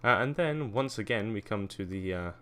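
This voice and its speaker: Deep-voiced, rambling male livestreamer. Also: animated, normal speed, a bit bright, smooth. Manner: rambling, many ums and uhs, wry asides. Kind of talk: casual live-stream commentary giving a tour.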